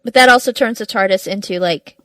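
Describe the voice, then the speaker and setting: A woman's voice: mid-range voice, fairly quick, no echo, poor audio. Dry-sounding woman co-host, matter-of-fact. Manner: matter-of-fact, adds details and corrections. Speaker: podcast co-host. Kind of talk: casual chat recapping a TV episode.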